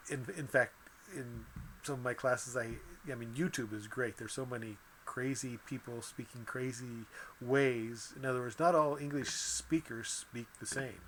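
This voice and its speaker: A man's voice: medium pitch, steady tone, normal speed, a bit bright, slight background noise. Rambling chuckling man teaching. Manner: rambling, self-correcting, chuckles often. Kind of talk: casual lecture.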